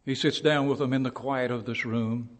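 A man preaching a sermon in a church, telling stories with dramatic build and shouting out quoted lines. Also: mid-range voice, steady tone, normal speed, big-room sound.

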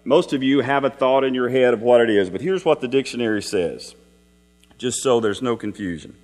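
Middle-aged male preacher, folksy storyteller, mid-pitched voice, long hall reverb and a mains hum behind. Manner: folksy storytelling with rhetorical questions. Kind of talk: Sunday evening sermon.

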